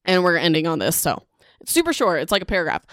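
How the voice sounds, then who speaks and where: A woman's voice: fairly low pitch, sing-song, fast talker, a bit bright, dry recording, clean studio sound. A young woman hosting a casual book-recap podcast from home, chatty and rambling, with lots of "like" fillers.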